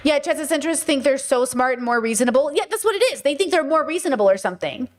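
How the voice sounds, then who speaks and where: A woman streaming live, talking casually to her viewers in an animated, sarcastic way. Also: sits high, quick pace, slight background noise. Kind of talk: casual livestream chat.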